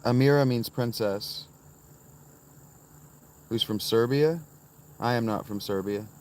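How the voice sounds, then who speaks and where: A man's voice: mid-range voice, slow pace, a little mellow. A man casually chatting on a livestream from inside a tent, answering viewers in the chat by name. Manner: rambling, answers chat viewers by name, sudden sing-song chanting. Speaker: livestream host reading chat.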